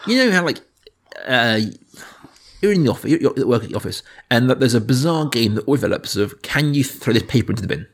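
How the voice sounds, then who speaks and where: A man in his thirties with a middle-pitched, somewhat husky voice, chatting on a casual podcast. He tells anecdotes in an animated way, stopping and restarting as he goes. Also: fast. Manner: animated storytelling with hesitant restarts. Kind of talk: casual chat.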